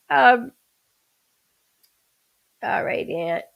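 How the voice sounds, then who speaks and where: Woman host on a live stream, fairly high voice, chatty, calls out viewers by name. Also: steady tone, normal speed.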